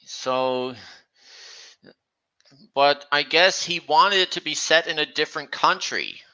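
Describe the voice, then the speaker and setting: A man chatting casually on a stream, talking slowly and haltingly with frequent restarts. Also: fairly high pitch, sharp tone, smooth, low-quality recording. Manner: halting, many restarts, slow and meandering. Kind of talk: casual chat.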